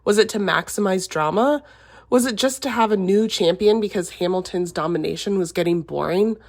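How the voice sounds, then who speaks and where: A woman's voice: mid-range voice, a little fast. A woman producer reading a listener's question aloud, evenly and carefully.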